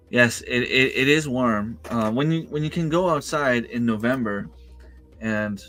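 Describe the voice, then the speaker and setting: This livestream host has a mid-range voice, a measured pace and a fairly bright tone, with soft background music. Speaking into a desk mic at home, he chats casually with viewers and answers comments, rambling and often restarting or using fillers.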